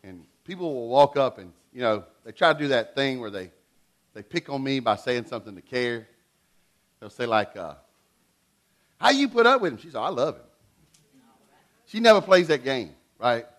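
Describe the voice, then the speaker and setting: A middle-aged man preaching a sermon in an animated way, swinging between loud and hushed delivery. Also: medium pitch, normal speed. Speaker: pastor.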